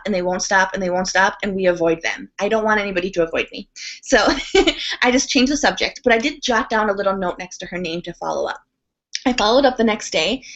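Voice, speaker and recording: A woman talking as a guest in a podcast interview, telling a story in a chatty, animated way with quick asides. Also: mid-range voice. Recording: dull lo-fi sound.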